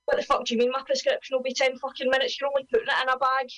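A woman mimicking a furious, impatient customer who swears and rants rapidly. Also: high voice, flat delivery, fairly bright tone, no echo. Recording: dull lo-fi radio recording.

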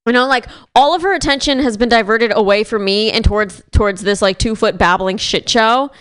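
Smooth-voiced young woman doing stand-up. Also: a little high, fairly quick. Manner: deadpan, rambling, self-deprecating. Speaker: stand-up comedian. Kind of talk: stand-up set. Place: comedy club stage. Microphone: stage mic.

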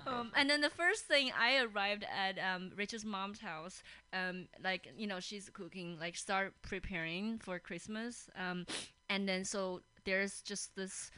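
A woman's voice: mid-range voice, a little slow, sharp tone, clean tone, no echo. A woman hosting a radio podcast, telling stories in casual chat with lots of fillers and laughter. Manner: giggly storytelling with many fillers. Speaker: podcast host. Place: radio studio.

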